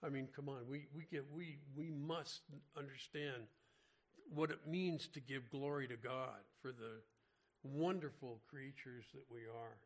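A man teaching scripture in a relaxed, conversational sermon. He often restarts his sentences as he explains, and his voice sits at a medium pitch. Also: a little slow. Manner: conversational, frequent restarts and filler words. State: mentions having an irregular heartbeat. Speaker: Bible teacher. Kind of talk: informal Bible study sermon.

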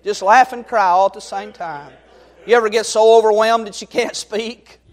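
A middle-aged man preaching a sermon, swinging from loud exhortation to quiet storytelling. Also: high-pitched, fairly even intonation, normal speed.

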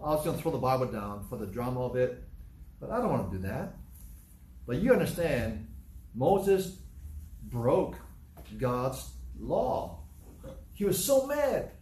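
A man preaching a sermon as a pastor, animated, acting out biblical scenes with sudden loud outbursts. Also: medium pitch. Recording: roomy sound from a distance with faint background noise.

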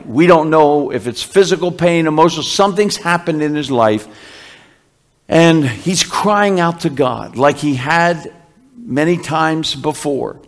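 A man preaching a sermon, reading scripture aloud and explaining it with slow, emphatic rises. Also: fairly high pitch. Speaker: pastor.

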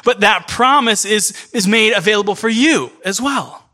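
A man preaching a sermon in an earnest, emphatic way, speeding up in bursts and then slowing down. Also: sits high, bright, forceful tone. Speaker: pastor. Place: church in New York City.

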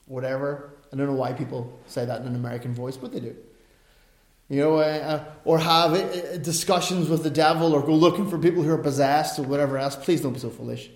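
A man's voice: fairly high pitch, steady tone, fast, a little mellow. A middle-aged male pastor preaching a sermon, emphatic, with chatty asides and self-corrections. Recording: echoey room.

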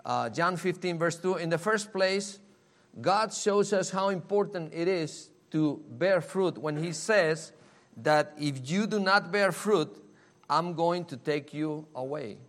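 A man's voice: on the high side, slow pace. A man preaching a sermon, earnest and emphatic, repeating key words and reading scripture in old-fashioned wording.

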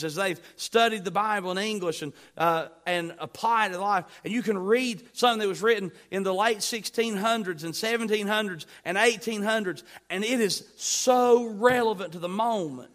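A high-voiced man preaches a sermon from the pulpit. He talks with emphasis, swinging from loud bursts to quiet asides. He keeps asking his congregation questions. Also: moderate pace, hardly any pauses. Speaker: pastor.

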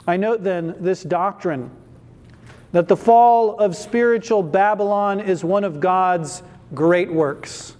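A man's voice: high-pitched, slow pace, darkish tone. A man preaching an expository sermon, who asks rhetorical questions and answers them himself with emphatic repetition. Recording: long hall reverb.

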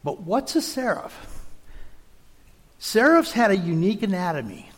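A man preaching a teaching sermon, measured and explanatory, now and then restarting a word. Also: high voice, sing-song, big-room sound.

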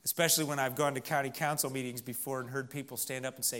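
A man with a Southern US accent preaching a sermon, earnest, moving from loud emphasis to hushed storytelling. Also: mid-range voice, steady tone, fast talker. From Missouri.

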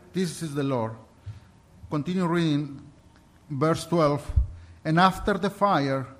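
Earnest man preaching a testimony sermon. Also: a little high. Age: adult. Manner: earnest, halting, with restarts. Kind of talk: sermon mixing Bible reading and personal testimony.

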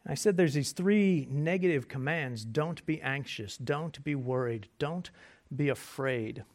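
A man preaching a sermon as pastor, conversational and joking, moving between quiet asides and loud emphasis. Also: on the high side, measured pace. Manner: conversational and self-deprecating humor.

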